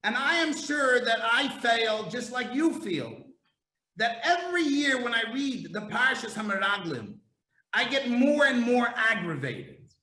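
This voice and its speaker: Impassioned high-voiced rabbi, roomy sound. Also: male voice, big pitch swings, unhurried. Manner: impassioned, swings from hushed to shouting. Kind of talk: sermon. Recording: roomy echo.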